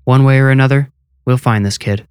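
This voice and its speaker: A man voicing a young woman police officer, measured and businesslike. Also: mid-range voice, fairly even intonation, darkish tone, clean tone, dry recording, pitched above the performer's own voice, natural voice. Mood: firm.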